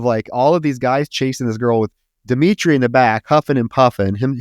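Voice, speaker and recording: A man's voice: mid-range voice, dry recording. Blunt, swearing man with a dry sound. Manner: blunt, profane, retells scenes with quick acted quotes. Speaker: podcast co-host. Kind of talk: casual film discussion.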